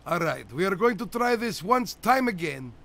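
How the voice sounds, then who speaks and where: A man's voice: high-pitched, sing-song, moderate pace, vocal fry, a bit bright, exaggerated voice. A man playing a boastful, teasing 212-year-old theme-park host who runs a comedic game show. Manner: brash, teasing, theatrical.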